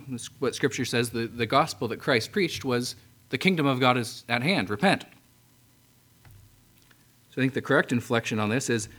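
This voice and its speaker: A man's voice: mid-range voice, fairly bright tone. Man preaching a conversational Bible sermon. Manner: conversational, with restarts and frequent throat-clearing. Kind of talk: sermon, reading and explaining scripture.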